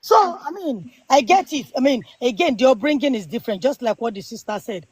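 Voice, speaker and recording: Brief: woman, 40s, non-native English accent, husky and slightly high voice, dry close sound, emphatic debater. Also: animated, brisk, a little mellow, no echo. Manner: emphatic and argumentative, repeats rhetorical questions. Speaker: live panel speaker. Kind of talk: heated live-stream debate.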